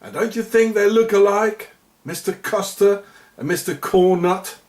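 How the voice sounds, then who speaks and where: Narrating over on-screen footage at a measured pace, this South African man has a high, slightly mellow voice. His video commentary rambles, drips with sarcasm, and is full of repeated and restarted words.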